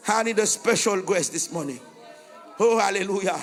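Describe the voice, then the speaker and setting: A man with a Haitian accent preaching a fervent sermon as pastor, shouting in bursts and chanting repeated prayer phrases. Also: high-pitched, moderate pace. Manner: switches between English, French and Creole, chants repeated phrases.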